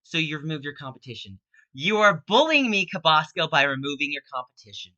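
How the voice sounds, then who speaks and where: A woman's voice: deep voice, lively intonation, a little fast, pushed and bright, no room sound, muffled recording. A woman delivering an agitated, accusatory rant straight at an opponent in a video statement, repeating herself and growing more heated. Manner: repetitive, emphatic, grows more heated. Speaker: speedrunner and video host.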